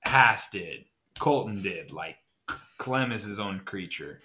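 A man's voice: lowish voice, animated, slow, a crowd in the background. A young man hosting a casual podcast chat, laughing often and mimicking friends' voices. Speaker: podcast host.

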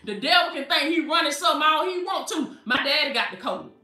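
A woman preacher, delivering an animated sermon, calling listeners baby and laughing often. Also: high voice, fairly quick, recorded from a distance. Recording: echoey, from off the mic, faint music.

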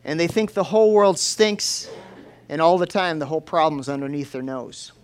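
A man preaching a sermon in a folksy, lively storytelling way. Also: on the high side, moderate pace.

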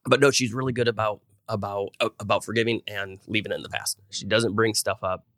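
Low-voiced earnest middle-aged man telling stories. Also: steady tone, fast, fairly bright tone, no room sound, studio quality. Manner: earnest, rambling storyteller with frequent restarts. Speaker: guest, business owner. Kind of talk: casual conversational interview.

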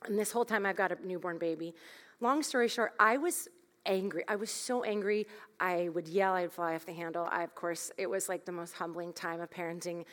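A woman's voice: lowish voice, brisk, a bit bright. Candid woman preaching in a reverberant hall. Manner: candid, self-deprecating, laughs through her stories. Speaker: speaker at a church gathering. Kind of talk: storytelling sermon.

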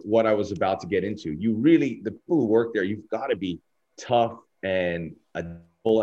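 A middle-aged man with a fairly low voice tells candid stories as an interview guest, briefly slipping into the voices of people he quotes. The audio is dull and lo-fi. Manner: animated anecdotes, acting out quoted dialogue. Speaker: sports broadcaster, podcast guest.

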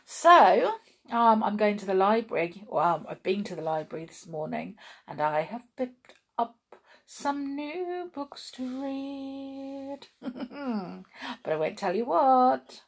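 A woman reading a children's book aloud chapter by chapter, expressive, with chatty asides to her listeners. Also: mid-range voice, normal speed, creaky, breathy edge. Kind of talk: storybook read-aloud.

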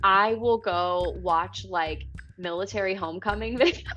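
A woman's voice: medium pitch, normal speed, fairly bright tone, soft background music. A woman, a guest author on a podcast, chatting casually with lots of "like" and easy laughter. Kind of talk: casual chat.

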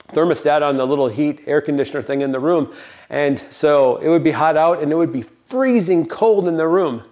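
An older man from Colorado gives a meandering, unhurried devotional talk and prayer, with frequent pauses. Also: on the high side, darkish tone. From Colorado, United States. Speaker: Christian speaker. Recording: dull, lo-fi recording.

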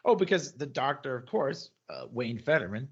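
A man's voice: mid-range voice, normal speed, breathy edge, dull audio. A man co-hosting a podcast, casually recapping a TV episode, acting out quotes and laughing often. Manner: animated retelling, acts out quotes, laughs often. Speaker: podcast co-host.

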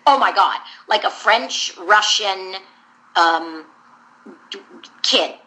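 A woman's voice: medium pitch, lively intonation, slow, bright, forceful tone, rough recording. A woman voice actor, a guest in an interview, telling candid, rambling stories about her career.

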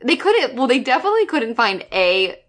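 A woman's voice: on the high side, very animated, a little fast. A woman co-hosting a podcast, reviewing a movie in a blunt, sarcastic way, swearing and laughing as she goes. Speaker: podcast co-host. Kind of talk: casual chat reviewing a movie.

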